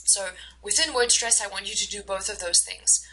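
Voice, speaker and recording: A woman instructor giving a recorded lecture over slides, explaining slowly and carefully with many fillers and restarts. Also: medium pitch, bright, forceful tone, low-quality recording.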